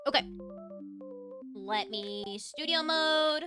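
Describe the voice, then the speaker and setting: A woman's voice: medium pitch, moderate pace, pauses often, over music. A young woman hosting a casual livestream, chatting in a rambling way that often trails off. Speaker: streamer host. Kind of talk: casual livestream chat and reaction.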